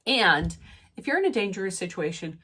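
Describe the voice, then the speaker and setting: A woman's voice: mid-range voice, sing-song, a little fast, sharp tone. A woman vlogger recapping and ranting about a reality TV episode in a rambling, casual way, with a nasal, stuffy voice from draining sinuses. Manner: chatty, rambling with many fillers and restarts.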